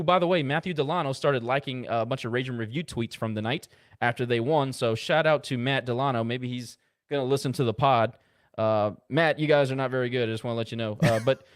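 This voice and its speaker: A man co-hosting a casual sports podcast, rattling off box-score stats with quick asides. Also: medium pitch, clear, resonant tone. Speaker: podcast co-host.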